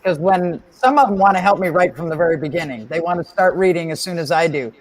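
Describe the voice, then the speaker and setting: A woman's voice: lowish voice, fast talker, poor audio. A woman teacher explaining, matter-of-fact, how she runs her online reading lessons.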